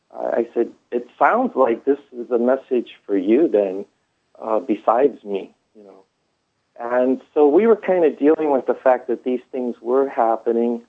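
A man with a gravelly, rough edge tells his own story, rambling with many fillers and restarts. He is heard through a thin, tinny phone line. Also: mid-range voice. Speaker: guest telling his story. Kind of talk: first-person storytelling.

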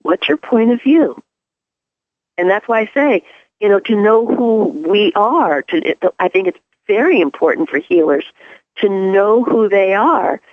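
A woman's voice: medium pitch, expressive, a little slow, no echo. A woman with a New York accent, a guest on an interview show, musing and asking herself rhetorical questions. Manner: reflective, asks rhetorical questions. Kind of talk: casual chat. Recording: tinny phone-like line.

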